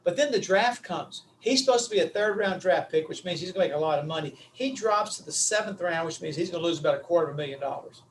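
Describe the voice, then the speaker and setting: A man giving a motivational webinar talk, telling stories in an animated way that swings from loud to quiet. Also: high voice, fast, few pauses, distant mic, a little hiss or hum, poor audio. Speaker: speaker.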